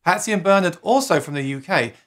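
An enthusiastic man hosting a relaxed online interview, greeting his viewers and asking friendly questions. His voice sits a little high for a man and moves in a lively, chatty way. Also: fast talker. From New York City. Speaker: host. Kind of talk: casual live-stream interview.

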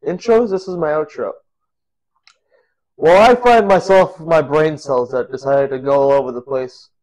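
A man with a slightly high voice talks his way through a home cooking video. He is goofy and rambling, laughing at his own jokes. He sounds like he is in his own kitchen. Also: moderate pace, a little mellow, rough recording. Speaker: cooking vlogger. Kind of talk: casual cooking vlog.

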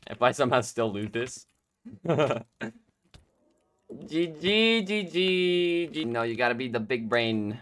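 Gaming YouTuber, male, bright and bouncy delivery, laughs a lot, chats at opponents mid-game. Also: mid-range voice, slow pace, pauses often, clean tone. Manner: excitable, laughs often, talks to himself and opponents. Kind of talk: live gameplay commentary.

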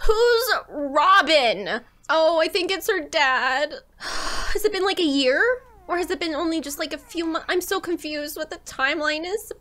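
High-voiced tearful woman gaming. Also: animated, a little slow, sharp tone. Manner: tearful, gushing, swears freely. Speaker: let's play streamer. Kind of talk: emotional gameplay commentary.

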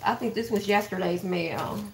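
A woman's voice: medium pitch, normal speed, creaky, slight background noise. A woman hosting a livestream, gossiping bluntly and profanely about online drama straight to her viewers. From Texas. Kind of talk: casual livestream commentary.

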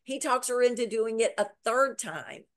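A woman author, a guest in a video interview, telling a story with lively retelling and repeating words for emphasis. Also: fairly high pitch, normal speed. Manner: lively retelling that acts out quoted lines.

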